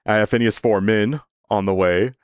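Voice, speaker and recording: A man telling a casual storytime monologue as a vlogger, rambling and animated, with many fillers and sudden jumps in pitch, playfully teasing his listeners. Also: moderate pace, clear, resonant tone, dry recording, studio quality.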